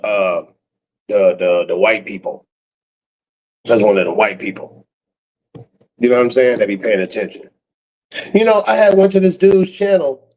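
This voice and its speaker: A man's voice: mid-range voice, a little mellow, low-quality recording. A man YouTuber talking in a casual rambling monologue, full of street slang, chuckles and trailing fillers.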